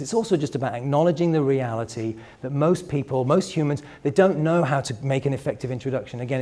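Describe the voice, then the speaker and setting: A middle-aged man coaches business owners at a live workshop, in a voice of ordinary middle pitch. His delivery is conversational and wanders off on digressions. He talks straight to the people in the room. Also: darkish tone.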